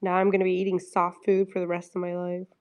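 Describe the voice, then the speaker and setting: A woman's voice: fairly low pitch, completely flat delivery, fast, a little mellow, natural voice. Grumpy drugged-up boy dog whining at mom, a woman putting him on, sarcastic. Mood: sulky. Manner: grumbling, sarcastic complaint. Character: sulky drugged-up pet dog, male.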